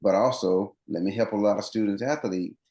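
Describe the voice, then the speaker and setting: A man's voice: fairly low pitch, a little fast, mellow, reverberant. A man running coach, interviewed as a guest on a podcast, explaining things earnestly at length with many restarts.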